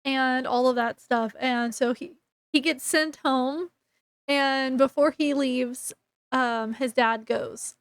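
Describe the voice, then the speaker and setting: High-voiced woman chatting about a book. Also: steady tone, slow pace, smooth, dry recording, studio quality. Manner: chatty, retells scenes with quoted dialogue. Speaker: book reviewer. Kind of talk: casual book review recap.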